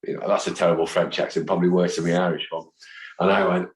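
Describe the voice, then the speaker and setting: Deep-voiced man telling animated stories. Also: fast. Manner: animated storyteller who acts out quoted voices. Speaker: guest, football fan. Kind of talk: casual interview anecdotes. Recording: echoey room.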